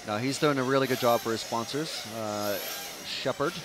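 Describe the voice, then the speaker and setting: At an outdoor racetrack, a medium-pitched man speaks at a normal speed with noise behind him. His trackside live commentary is casual and chatty, wandering along with frequent fillers.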